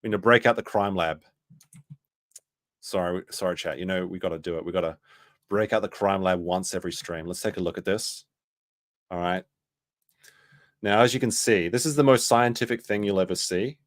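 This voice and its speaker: A man's voice: deep voice, moderate pace, long pauses, no room sound. A man hosting a casual commentary stream, reading chat messages aloud and joking about clips.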